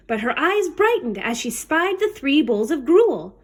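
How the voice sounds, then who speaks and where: A woman's voice: high voice, sing-song, unhurried, few pauses. A woman librarian reading a children's picture book aloud, with playful pirate talk. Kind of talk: storybook read-aloud.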